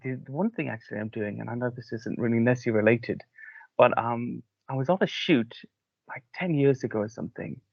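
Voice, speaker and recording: A man's voice: medium pitch, a little fast, vocal fry, dry recording, muffled recording. A man with a Cardiff Welsh accent, telling rambling anecdotes in a casual chat, with lots of fillers. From Cardiff, Wales. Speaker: podcast host.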